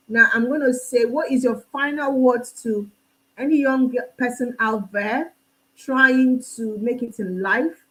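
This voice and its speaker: Lady hosting a live chat, keeps cheering on her guest, fairly high voice. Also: rough recording. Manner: encouraging, frequent short affirmations. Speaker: host.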